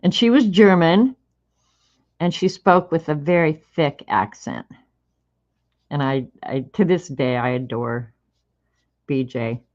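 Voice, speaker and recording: Low slow woman rambling thru stories while she colors, laughs a lot, dull lo-fi audio. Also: darkish tone. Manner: laughs often, rambling anecdotes. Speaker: craft video host. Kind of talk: chatty storytelling while coloring. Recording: dull lo-fi recording.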